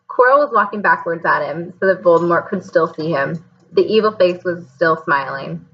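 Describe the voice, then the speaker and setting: A woman reading a novel aloud in an expressive, dramatic way. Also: fairly low pitch, moderate pace, highs cut off, slight background noise. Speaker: audiobook reader.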